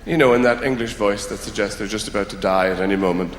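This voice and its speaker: An Irish man doing stand-up comedy, wry and rambling, shifting between mumbled asides and loud outbursts. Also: fairly low pitch, fast, heavy background noise. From Ireland. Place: theatre stage before a live audience. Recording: roomy hall with long reverb.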